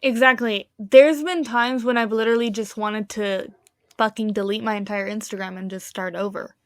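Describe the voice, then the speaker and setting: A woman's voice: mid-range voice, steady tone, normal speed, dry recording, clean studio sound. A young woman co-hosting a podcast in casual chat, ranting with heavy swearing. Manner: profane, ranting, heated. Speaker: podcast co-host.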